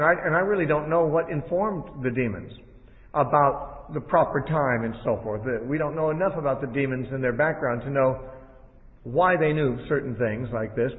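A man teaching from the Bible in a measured, explanatory sermon style. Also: medium pitch. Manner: measured, explanatory, with quoted lines read aloud. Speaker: preacher. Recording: tinny phone-like audio in a large hall.

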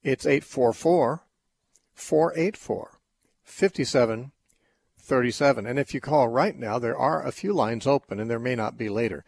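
Man, radio call-in host, husky voice, measured teaching tone, middle-aged. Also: medium pitch, darkish tone, no room sound. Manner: measured, explanatory, occasional restarts.

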